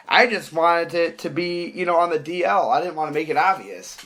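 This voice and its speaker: Animated young man telling a story. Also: on the high side, brisk, hardly any pauses. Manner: animated, acts out quoted voices, swears casually. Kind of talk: casual podcast storytelling.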